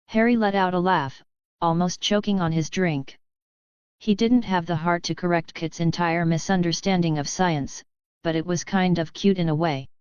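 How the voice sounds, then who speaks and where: A woman reading a fan novel aloud as an audiobook narrator, in an even, steady storytelling voice. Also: fairly low pitch, moderate pace, clean tone, no room sound, muffled recording.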